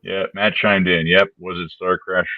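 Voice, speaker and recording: A man's voice: low-pitched, little pitch movement, normal speed, no echo, narrow, tinny audio. A man co-hosting a live chat show, laid-back and chatty, greeting viewers as they join. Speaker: podcast co-host.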